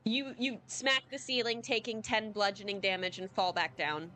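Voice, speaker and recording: A woman running a tabletop game as game master, narrating in a halting way with many ums and restarts. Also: medium pitch, steady tone, sharp tone.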